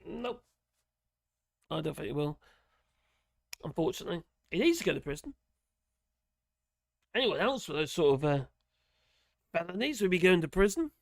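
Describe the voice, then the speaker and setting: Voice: mid-range voice, sing-song, normal speed, gravelly, long pauses, dry recording. A host giving rambling, casual commentary on a live stream and reading out viewers' chat messages. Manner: rambling, chatty, sighs and laughs between remarks.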